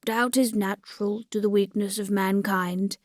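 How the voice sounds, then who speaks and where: A woman's voice: medium pitch, steady tone, moderate pace, no room sound, clean studio sound, lightly acted. A woman reading the part of a weary, good-natured old priest who rattles off churchly phrases in a rote rush. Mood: hurried, patient.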